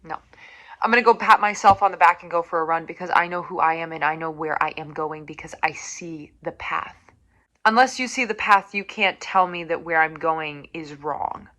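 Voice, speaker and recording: A woman's voice: sits low, moderate pace, bright, forceful tone. A young woman hosting a podcast, giving a blunt, profane motivational rant with flashes of sarcasm. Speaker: podcast host.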